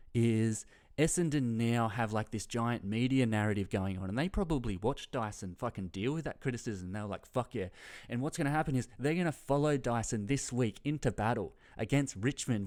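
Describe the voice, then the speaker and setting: A young Australian footy tipping vlogger rambles through casual commentary, swearing freely and sometimes losing his train of thought. His medium-pitched voice is expressive, a little mellow and fairly quick.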